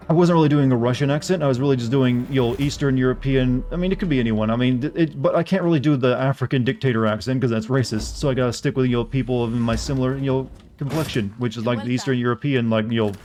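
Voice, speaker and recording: A man's voice: medium pitch, steady tone, fast talker, a little mellow. A man streaming a game, chatting casually with his viewers and answering their questions, often restarting his sentences. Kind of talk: casual gameplay commentary.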